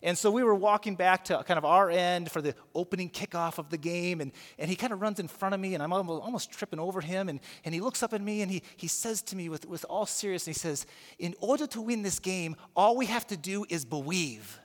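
A man's voice: high voice, quick pace, few pauses. A male pastor preaching a sermon, telling a story with frequent restarts and repeated words. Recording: long reverb of a large hall.

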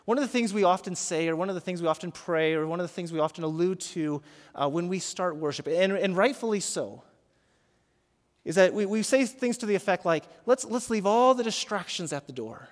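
A male pastor preaching a sermon in a church sanctuary. He often repeats the first words of a phrase and builds from hushed reflection to loud call-and-response. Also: sits high, a little fast, big-room sound.

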